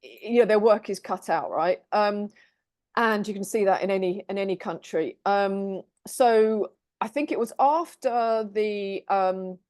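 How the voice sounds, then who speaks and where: A woman's voice: medium pitch, a little slow, a little mellow, dry recording. A British woman co-hosting a tarot chat show, talking casually with plenty of ums and restarts. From Britain. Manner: chatty, many ums and restarts. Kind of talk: casual group chat, introducing topics.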